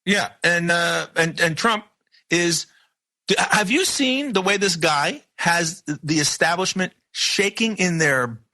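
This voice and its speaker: A man's voice: sits high, slow, sharp tone. A man hosting a radio news program, talking in emphatic bursts full of rhetorical questions. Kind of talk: opinionated radio talk.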